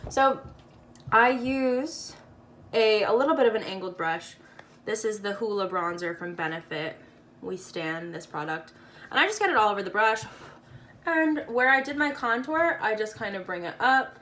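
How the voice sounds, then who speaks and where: A woman's voice: medium pitch, expressive, normal speed, a bit bright. A woman casually talking through a makeup tutorial, chatty and playful with slangy asides.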